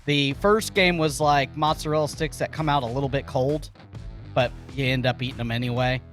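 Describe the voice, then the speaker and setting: A man's voice: mid-range voice, fairly even intonation, fairly quick, fairly bright tone, soft background music. A man co-hosting a sports talk show, rambling casually through his points and restarting often. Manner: rambling, food comparisons, restarts. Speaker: co-host.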